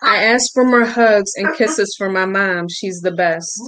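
A woman author reading her children's picture book aloud in a gentle storybook manner. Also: mid-range voice, a little slow. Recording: loud background noise.

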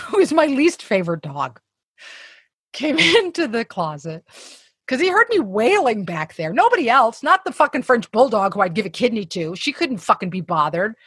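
A woman's voice: on the high side, very animated, normal speed, a bit bright, husky, dry recording, clean studio sound. A woman guest telling candid, self-deprecating stories in conversation, with frequent profanity.

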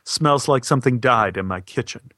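Guy putting on a slow sultry flirty housewife, lower, dry sound. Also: pushed and bright, dry recording, natural voice. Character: flirtatious woman actress playing a housewife, sultry.

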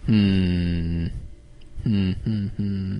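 A man in casual podcast chat, quick to react with interjections. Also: sits low, steady tone, mellow. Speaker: podcast guest.

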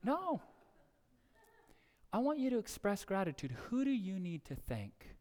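A male pastor preaching a sermon in a church service, earnest and exhorting, building to excited emphasis. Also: sits high, a little slow, long reverb tail. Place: church sanctuary during a service.

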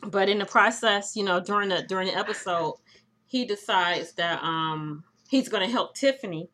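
A woman co-hosting a casual podcast, recapping a TV episode in a chatty, animated way and quoting the characters. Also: medium pitch, normal speed. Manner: chatty, animated retelling with quoted voices. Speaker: podcast co-host recapping a TV show. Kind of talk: casual chat.

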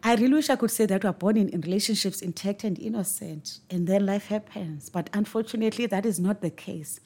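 A woman's voice: medium pitch, fairly quick, mellow. A woman hosting a podcast, speaking in an earnest, emphatic monologue and repeating words for stress. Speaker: podcast host. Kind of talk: reflective monologue on parenting.

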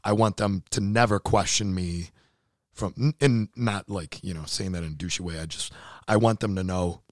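A man in his thirties with a hoarse, worn-out voice, talking in a casual, earnest and emotional way and swearing freely. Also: low-pitched, normal speed, no room sound, studio quality. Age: 30s. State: hoarse, voice nearly gone. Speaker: podcast co-host, CrossFit athlete. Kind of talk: casual chat.

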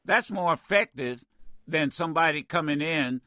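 A man's voice: fairly high pitch, expressive, normal speed, sharp tone, dry recording, clean studio sound. Blunt, emphatic male radio host. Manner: blunt, emphatic, restarts often when thinking. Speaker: radio talk show host. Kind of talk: call-in radio talk. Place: radio studio. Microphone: studio mic.

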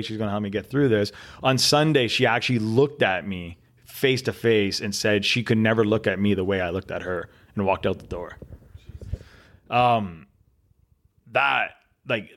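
Male guest, low register, earnest storyteller who repeats words and pauses for weight. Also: a bit bright. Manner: earnest, dramatic pauses and repetition. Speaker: podcast guest. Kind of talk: storytelling interview answer.

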